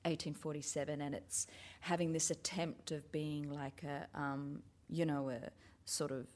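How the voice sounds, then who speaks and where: A woman's voice: sits low, flat delivery, measured pace, darkish tone. A woman, a theatre writer, talking frankly and thoughtfully in casual chat, with some swearing.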